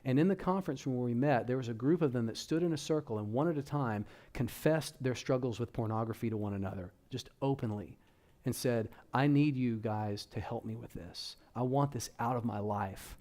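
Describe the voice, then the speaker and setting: A man speaks to a room of parents at a church workshop. His tone is warm and mellow, and he talks to the crowd in a casual, direct way. His pitch sits in a middle range. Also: a little fast. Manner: conversational, addresses audience directly. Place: church hall.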